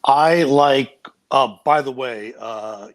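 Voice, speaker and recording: A man's voice: medium pitch, slow pace. A man giving emphatic, opinionated picks on a casual sports podcast. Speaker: roundtable panelist.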